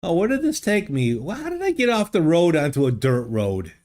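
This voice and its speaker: A man's voice: on the high side, huge pitch swings, a little fast, a little mellow. A man live-streaming a geography guessing game, thinking aloud and chatting casually with his viewers. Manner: thinks aloud, muses and answers viewers' chat. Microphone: desk microphone.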